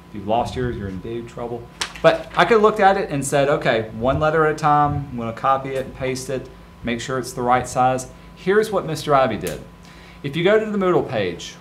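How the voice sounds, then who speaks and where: Male instructor, mid-range voice, relaxed practical tutorial delivery, slight background hiss. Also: medium pitch. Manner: relaxed, practical, addresses students directly. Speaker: design instructor. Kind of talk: screen-recorded software tutorial.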